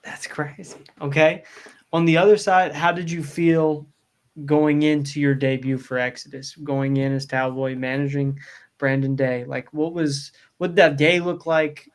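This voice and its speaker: A man's voice: on the high side, little pitch movement, measured pace. A man hosting a podcast, asking casual, hesitant questions with loose phrasing and restarts. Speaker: podcast host.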